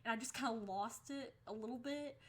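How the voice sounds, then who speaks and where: A young adult woman talking casually in a storytime vlog. She is animated, swears freely and acts out the lines people said. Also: on the high side, a little fast, husky. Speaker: vlogger.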